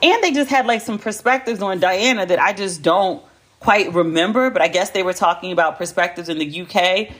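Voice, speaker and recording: An American woman in her forties hosts a podcast and chats casually in a blunt, animated way, with lots of profanity and emphatic repetition. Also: lowish voice, brisk. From United States. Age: 40s. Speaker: podcast host. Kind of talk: casual chat.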